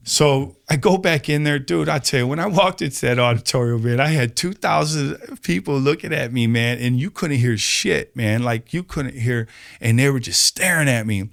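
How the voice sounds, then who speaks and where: A man telling a personal story in casual conversation, animated, acting out quoted voices and peppering his speech with fillers. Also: moderate pace, creaky. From Chicago, USA. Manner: animated storyteller, acts out quotes with rising pitch, many fillers. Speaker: podcast guest.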